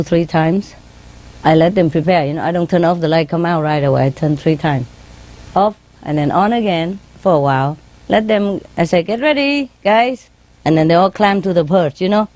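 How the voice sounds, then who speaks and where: A woman with a somewhat low voice tells relaxed, chatty stories to an audience. Her English is non-native and studded with "you know," and she breaks into laughter and playful bird-like mimicry as she goes. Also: poor audio. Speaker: spiritual teacher. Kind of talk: informal anecdote told to an audience.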